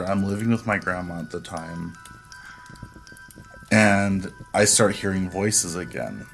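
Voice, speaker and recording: A man's voice: deep voice, fairly bright tone. A man telling a personal story as a podcast guest, in a laid-back, profane way. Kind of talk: casual storytelling.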